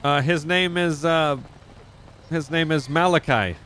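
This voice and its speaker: A man's voice: a little high, unhurried, a bit bright, slight background noise. A man chatting in character in a roleplay game, brash and profane but easygoing. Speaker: roleplay streamer playing a rich animal owner.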